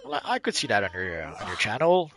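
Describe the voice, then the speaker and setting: A man's voice: lowish voice, sing-song, quick pace, a bit bright. A man hosting a casual gaming livestream over a voice call, talking hesitantly with restarts and a playful tone. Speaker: channel host.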